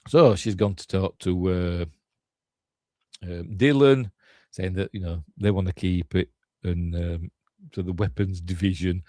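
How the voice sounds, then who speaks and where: Rambling, low-voiced Yorkshire man reviewing films. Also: dark tone, no room sound, studio quality. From Yorkshire, England. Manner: rambling, chatty retelling full of fillers and asides, chuckling. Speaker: film reviewer, channel host. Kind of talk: casual film review commentary over the film.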